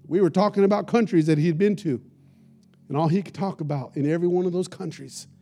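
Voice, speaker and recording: A man preaching with a high, gravelly voice, full of grit and crackle. He tells stories with energy and punctuates them with bursts of praise. The delivery is that of a lively pastor in full sermon. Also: fast talker, soft background music. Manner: energetic storytelling preacher with shouted praise interjections.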